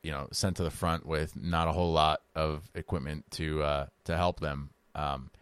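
Deep, smooth-voiced male co-host. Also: steady tone, moderate pace, no room sound. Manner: easygoing, rambling questions. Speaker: podcast co-host. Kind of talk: casual podcast conversation.

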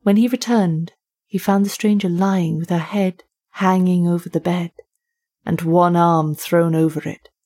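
Husky woman reading a story. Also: lowish voice, steady tone, unhurried, warm tone. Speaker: narrator and host. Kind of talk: storytelling narration.

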